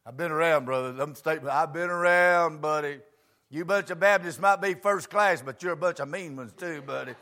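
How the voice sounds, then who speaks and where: An older preacher with a high-pitched voice delivers a folksy sermon. He swings between quiet, confiding asides and loud, shouting bursts. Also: fairly quick.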